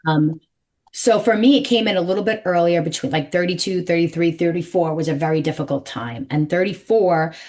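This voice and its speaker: A numerologist in her forties with a New York accent tells her story as a guest on a podcast interview, emphatic and animated, acting out the voices of people she quotes. Her voice is lowish, and she speaks fairly quickly.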